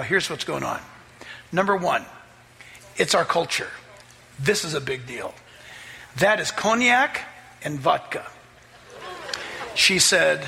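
A male pastor preaching a sermon and telling a story, animated and laughing, climbing to near-shouts. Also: fairly high pitch, measured pace, creaky, pauses often. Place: church sanctuary. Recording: long hall reverb, faint room noise.

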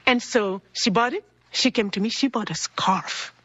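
Brief: woman, animated storyteller, husky and dry voice, slightly dull recording. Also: on the high side, normal speed, no echo. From Congo. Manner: animated, acts out dialogue in voices. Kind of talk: personal storytelling. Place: cold indoor building.

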